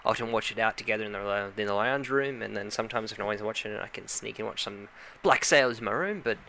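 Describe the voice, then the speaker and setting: Fast bright-voiced young man. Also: lowish voice, creaky, slight background noise, low-quality recording. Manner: quick, rambling, hedging. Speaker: podcast co-host. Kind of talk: casual chat.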